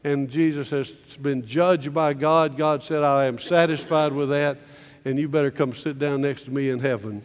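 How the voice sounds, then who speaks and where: A man's voice: a little high, steady tone, normal speed, big-room sound. A man preaching a sermon from slides, earnest, often repeating words as he builds a point.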